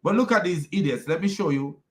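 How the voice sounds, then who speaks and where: A man's voice: on the high side, animated, brisk. A man hosting a commentary video, ranting and mocking as he reacts to clips. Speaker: commentary host.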